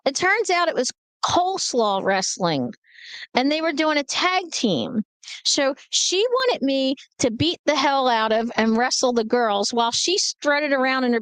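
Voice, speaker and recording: Blunt, animated woman in her forties, storytelling to a live chat, smooth voice, dry close sound. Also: high-pitched, no room sound. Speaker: livestream host.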